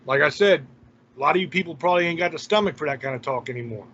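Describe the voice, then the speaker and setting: A man's voice: fairly high pitch, rapid-fire, a bit bright, slight background noise. A man hosting his own channel, delivering a heated opinion rant in a blunt, profane and scornful way. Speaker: channel host. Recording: dull lo-fi recording.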